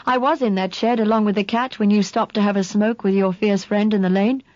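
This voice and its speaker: A woman reading an audiobook, voicing a steady, protective young man who speaks gently and reassuringly. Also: mid-range voice, a little fast, no echo, highs cut off, close to an everyday voice. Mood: soothing.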